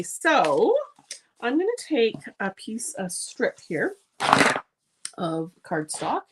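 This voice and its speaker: A woman's voice: on the low side, animated, a little slow, a little hiss or hum. A woman hosting a live card-making demonstration, chatty and gushing, with frequent ums as she works. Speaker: card-making channel host.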